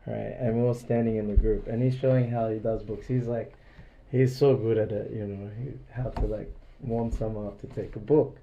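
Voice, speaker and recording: A man's voice: on the low side, steady tone, moderate pace, dark tone, dull audio, slight background noise. A man giving an informal devotional class in a house, telling rambling stories full of "like" fillers and acting out the dialogue. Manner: rambling storyteller, many "like" fillers, acts out dialogue. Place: indoors in a private house.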